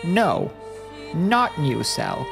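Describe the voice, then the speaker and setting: Over background music, a woman talks very slowly in a low, gravelly, sing-song voice. As a streamer animating digital art, she muses half to herself while working and throws in playful sound effects, keeping the live-stream commentary casual.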